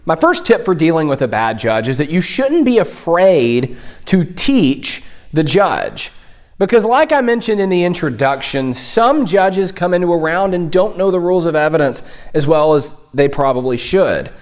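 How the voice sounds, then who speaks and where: A man's voice: on the high side, sing-song, moderate pace. A young man who coaches mock trial, giving direct-to-camera advice in an earnest, conversational way.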